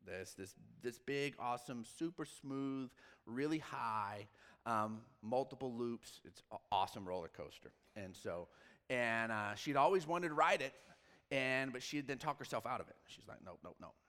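Pastor preaching in a reverberant hall. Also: male voice, mid-range voice, normal speed. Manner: storytelling, animated with quoted dialogue and sudden drops to quiet. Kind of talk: sermon. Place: church sanctuary. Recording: long reverb of a large church hall.

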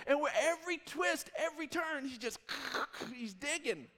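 A man in his thirties, a pastor telling a rambling, animated story in a sermon. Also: very high voice, moderate pace, few pauses, big-room sound. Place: church hall.

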